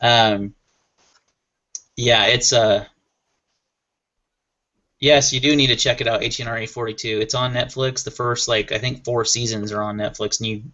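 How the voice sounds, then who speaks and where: A man's voice: medium pitch, fairly even intonation, normal speed, long pauses, bright, forceful tone. A man on a panel chat show, talking casually and with enthusiasm, rambling a little and laughing often. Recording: muffled lo-fi audio.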